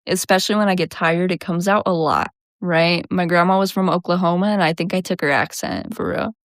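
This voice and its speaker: A woman's voice: on the low side, steady tone, a little fast, dry recording, clean studio sound. Young woman with a slight country twang. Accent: Southwestern US with a slight country twang. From New Mexico. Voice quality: slightly lazy, drawling speech. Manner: chatty, laid-back, frequent "right?" and "like". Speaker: vlogger. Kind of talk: casual storytelling to camera.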